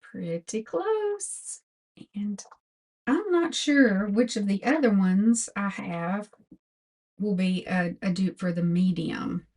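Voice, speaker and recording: Slow-talking older woman beauty vlogger. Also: mid-range voice, animated, a little mellow. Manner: slow, chatty product talk. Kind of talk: makeup tutorial.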